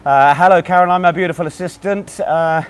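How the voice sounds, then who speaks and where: A man hosts a live quiz stream, out of breath and with a hoarse, worn-out voice. He sits a little high in pitch and chats loosely, greeting viewers by name and reading out their messages. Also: fairly even intonation, a little fast. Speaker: quiz host.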